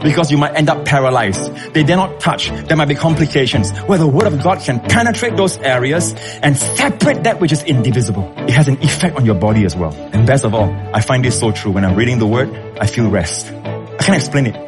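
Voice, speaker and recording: A man preaching a sermon as pastor, emphatic, with sudden leaps in pitch when stressing a point. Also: expressive, brisk, music in the background.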